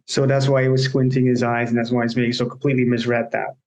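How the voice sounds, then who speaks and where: A man's voice: medium pitch, flat delivery, fast talker, darkish tone, rough recording. A man co-hosting a casual discussion on coaching. He explains ideas by walking through examples and anecdotes. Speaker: agile coach, podcast co-host.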